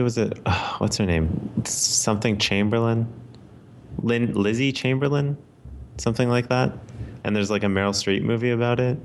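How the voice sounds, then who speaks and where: A man with a low voice recaps a TV episode for a podcast. He talks in an easygoing, hesitant way, full of ums and restarts. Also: measured pace, slight background noise. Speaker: podcast co-host. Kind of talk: casual chat, recapping an episode.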